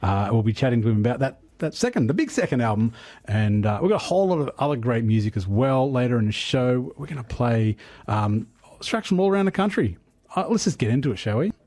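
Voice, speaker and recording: A man's voice: medium pitch, sing-song, fast, a little mellow, no echo. Upbeat Australian radio host man. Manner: jokey, self-correcting, upbeat. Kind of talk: casual radio chat.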